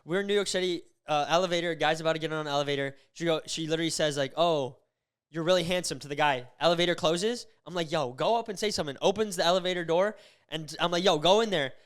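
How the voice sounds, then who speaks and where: A young man chats on his podcast in a rambling, animated way, filling his stories with fillers. His voice sits a little high and sounds smooth and crisp. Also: rapid-fire. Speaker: podcast co-host. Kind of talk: casual chat.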